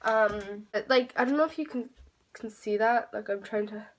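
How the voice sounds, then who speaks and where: A young woman rambling through a storytime vlog at home, swearing freely and getting animated. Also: a little high, normal speed. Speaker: vlogger. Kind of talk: storytime vlog, casual chat. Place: home room. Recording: voice a bit far from the mic.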